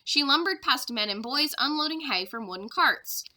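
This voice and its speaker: A woman's voice: high voice, moderate pace. A young woman, a third-grade teacher, expressively reading a children's chapter book aloud to her class. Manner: expressive storyteller.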